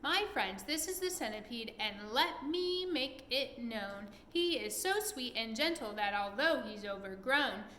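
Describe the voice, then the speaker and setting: Mom doing a happy little boy, eager singsong rhyming, bright and high. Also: lively intonation, a little slow, few pauses, reverberant, a little hiss or hum. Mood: cheerful. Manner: eager, lilting recital. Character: cheerful small boy, friendly.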